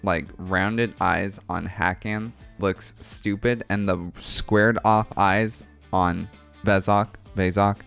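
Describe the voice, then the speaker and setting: A man's voice: on the low side, fairly even intonation, takes it slowly, vocal fry, a bit bright, clean tone, faint music behind. A man co-hosting a casual talk show, giving blunt opinions with some hesitant restarts. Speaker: co-host.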